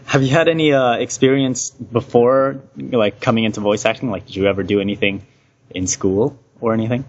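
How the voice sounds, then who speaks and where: A man's voice: mid-range voice, steady tone, brisk. A man hosting a casual podcast interview, easygoing and laughing often between questions. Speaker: podcast host. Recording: dull lo-fi recording.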